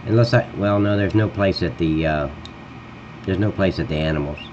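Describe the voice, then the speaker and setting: A man's voice: low voice, moderate pace. A man live-streaming a farm game, swearing at the game and then chatting easily with his viewers. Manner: swears and grumbles at the game, then talks warmly to chat. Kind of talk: casual live-stream chat while modding a farm game. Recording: dull lo-fi sound with faint hum.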